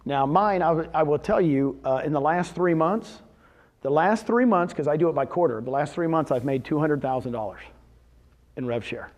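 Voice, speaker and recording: A man giving a live seminar talk to real estate agents, telling success stories and firing questions at the audience. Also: on the high side. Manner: animated, storytelling with quick questions to the audience. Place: meeting room with a live audience.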